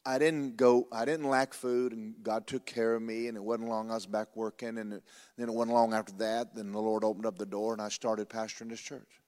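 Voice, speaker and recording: Folksy preacher telling a story in a hall. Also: male voice, fairly low pitch, brisk. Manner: folksy, animated storytelling with repetition. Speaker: pastor. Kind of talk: sermon with storytelling.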